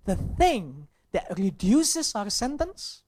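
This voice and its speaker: Pastor preaching in English. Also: male voice, high voice, sing-song, takes it slowly, a little mellow. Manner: asks the audience questions, with some Indonesian asides. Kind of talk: sermon.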